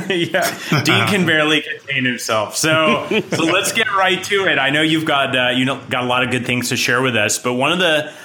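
A man hosting a business podcast with an energetic, chatty delivery and frequent laughs. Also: fairly high pitch, moderate pace. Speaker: podcast host.

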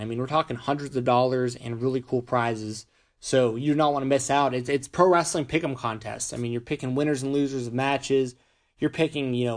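Chatty male podcast host, voice fading. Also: medium pitch. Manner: chatty, stumbles and restarts words. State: losing his voice. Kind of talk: casual podcast sponsor reads.

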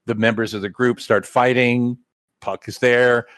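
A man's voice: medium pitch, measured pace, dry recording. A man co-hosting a comic book review podcast, chatting casually and full of trivia. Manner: knowledgeable, trivia-heavy, animated.

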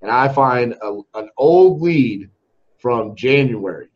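A man's voice: mid-range voice, animated, slow pace, muffled recording. A man, a company CEO, telling a story in casual podcast chat, candidly, and often tagging his sentences with "right?". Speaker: company CEO and home buyer.

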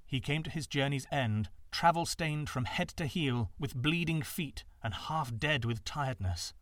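A man narrating folktales in an expressive, dramatic reading. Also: fairly high pitch, no room sound, clean studio sound. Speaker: storyteller. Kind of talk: scripted storybook narration.

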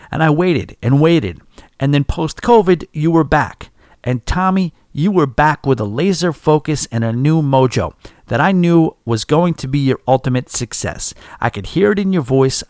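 A man's voice: a little high, dry recording, clean studio sound. A man hosting a podcast, chatting casually and reading listener emails aloud in a self-deprecating, rambling way. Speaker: podcast host.

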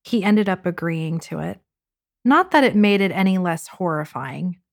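A woman hosting a podcast, narrating a personal dating story with intimate hushed passages and wry, sarcastic asides. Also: fairly low pitch, animated, normal speed, gravelly. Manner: intimate, dropping to a hushed whisper for racy moments. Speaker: podcast host.

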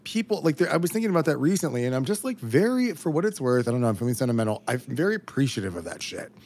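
A man in his thirties co-hosting a podcast in casual chat, swearing often and rambling with animated energy. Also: mid-range voice, very fast. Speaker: podcast co-host.

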